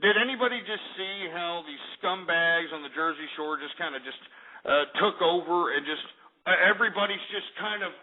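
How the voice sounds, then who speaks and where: A man's voice: fairly high pitch, moderate pace. A man hosting a talk radio show, ranting in a profane, exasperated way about the news and market prices. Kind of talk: opinionated talk radio rant. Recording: tinny phone-like line.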